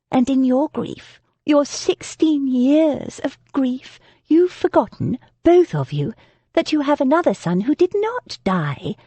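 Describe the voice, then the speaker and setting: A woman's voice: high voice, dry recording, pitched above the performer's own voice, exaggerated voice. A woman voicing a composed, defiant young heroine who speaks coolly and firmly. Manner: cool and firm, gentle.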